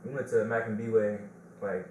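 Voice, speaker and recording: A relaxed man with a Detroit accent hosts a casual podcast chat, telling loose stories full of laughter. His low voice sounds distant and very roomy. A faint hiss runs underneath. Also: moderate pace, muffled recording. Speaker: podcast host.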